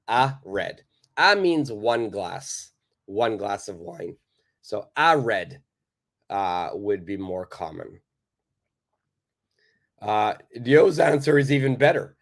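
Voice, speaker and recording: A man's voice: mid-range voice, expressive, takes it slowly, long pauses. A man teaching a live online English lesson, patiently reading out viewers' answers, praising them and explaining simple phrases.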